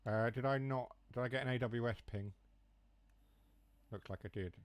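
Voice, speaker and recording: A man's voice: mid-range voice, normal speed, no room sound. A young man with a Huthwaite accent from near Mansfield, rambling through joking asides as he streams a train game and drops his H's and T's. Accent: Huthwaite, Nottinghamshire. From Mansfield area, England. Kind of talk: casual chat while gaming.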